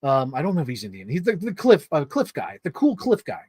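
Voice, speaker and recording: Dude ranting about a movie, kinda high voice, dry close sound, keeps cracking up. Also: male voice, brisk, breathy edge, dry recording. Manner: excitable, laughs often, swears freely. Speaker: movie reviewer. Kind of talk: casual movie review.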